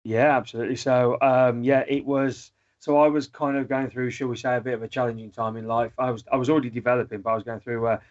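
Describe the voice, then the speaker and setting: A man being interviewed as a guest, telling his story in a relaxed way with frequent fillers. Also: medium pitch, fast talker, few pauses, muffled recording. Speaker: guest medium. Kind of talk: interview answers.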